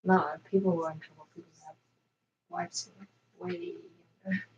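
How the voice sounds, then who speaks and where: A woman's voice: lowish voice, big pitch swings, normal speed, a little mellow, dull audio, a little hiss or hum. Brief: woman, livestream co-host, hesitant casual talk. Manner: hesitant, lots of likes and ums.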